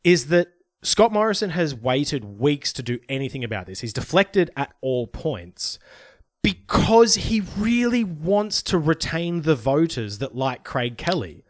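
A man co-hosts a casual political podcast. He rants in a slightly high voice, swears freely and laughs sarcastically. The sound is dry and close. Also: very animated, a little slow, no echo. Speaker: podcast co-host.

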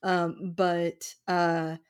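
A woman's voice: fairly low pitch, flat delivery, drawn-out words, smooth. A woman co-hosting a casual movie discussion, talking with fillers and frequent laughs. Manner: conversational, hesitant fillers, laughs often. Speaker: podcast co-host.

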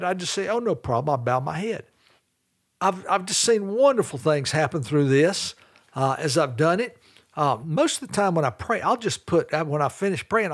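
A middle-aged man, a pastor from the American South, telling folksy anecdotes in a sermon and acting out the voices of people in his stories. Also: on the high side. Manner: folksy anecdotal storytelling, acts out quoted voices. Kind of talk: storytelling sermon.

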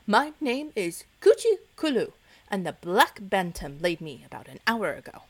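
A woman's voice: medium pitch, big pitch swings, normal speed. A woman voicing a timid, polite little girl egg in a storybook reading.

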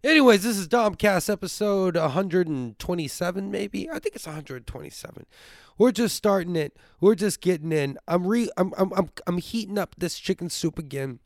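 Young guy sick w a stuffy nose, rambling jokey podcast rant, swears a lot, kinda high voice, dry mic. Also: expressive, a little fast, no echo. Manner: rambling, joking, profane. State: sick with congestion, coughing. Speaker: podcast host. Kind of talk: casual comedic monologue.

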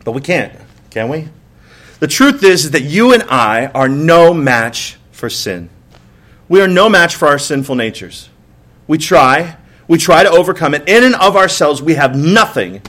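Exasperated outbursts acted out for effect mark this pastor's sermon, given in church in a slightly high, fairly bright voice. He talks conversationally, repeating words and often asking a rhetorical "right?"

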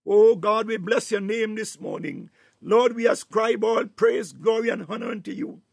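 A man leading a fervent spontaneous morning prayer, punctuating each phrase with calls to God and swelling from hushed tones to near-shouts, at times breaking into tongues. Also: sits high, steady tone, normal speed, creaky, breathy edge, no echo, studio quality. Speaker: prayer leader.

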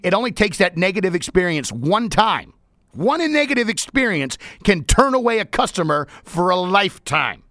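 A man hosts a radio talk show in a high, lively voice that climbs and dips with animated energy. His tone is bright and sharp, and the dry studio sound keeps him close and upfront. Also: dry recording. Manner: animated, shouting, playful asides. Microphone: studio microphone.

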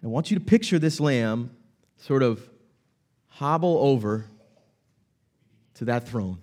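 A pastor preaching a sermon, telling the scene dramatically and moving from hushed to loud. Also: male voice, medium pitch, expressive, takes it slowly.

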